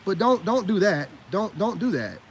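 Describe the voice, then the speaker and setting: A man's voice: sits high, sing-song, moderate pace, slight background noise. A man in a casual vlog monologue, giving blunt, preachy advice to men in heavy slang and often asking if you get what he's saying. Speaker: vlogger and self-styled spiritual coach.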